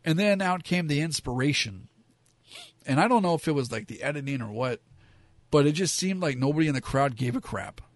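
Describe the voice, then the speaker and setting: A man's voice: a little high, lively intonation, fairly quick, no echo. Rambling man sharing blunt opinions. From Southern California. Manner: rambling, frank, many fillers. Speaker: wrestling commentator. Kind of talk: casual opinion monologue.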